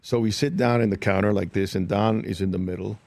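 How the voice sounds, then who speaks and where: Gravelly older man telling anecdotes. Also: lowish voice, fast, dry recording. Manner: animated anecdotes, acts out quoted voices. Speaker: actor guest. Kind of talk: interview storytelling. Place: talk show studio.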